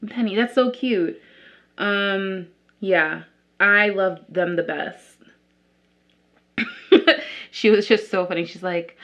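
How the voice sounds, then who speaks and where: A woman's voice: fairly low pitch, slow pace, long pauses, fairly bright tone, lo-fi sound. Chatty young woman rambling over makeup. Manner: chatty, rambling, many likes and restarts. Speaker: beauty vlogger. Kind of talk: casual chat while doing makeup.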